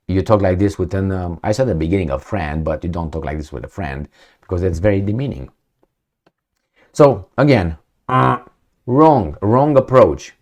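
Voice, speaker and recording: Lively low-voiced man ranting sardonically. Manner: sardonic, lecturing, with mocking asides and rhetorical questions. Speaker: political commentary host. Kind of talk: casual opinion monologue.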